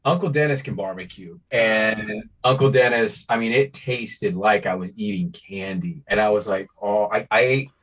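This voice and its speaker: A man's voice: lowish voice, normal speed, fairly bright tone. A man co-hosting a casual sports podcast, talking in a laid-back, rambling way. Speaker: podcast co-host.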